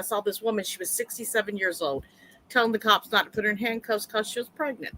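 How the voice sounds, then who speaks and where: A woman chatting as a guest on a livestream panel, lively and quick to laugh. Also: medium pitch, slight background noise, low-quality recording. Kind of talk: casual stream chat.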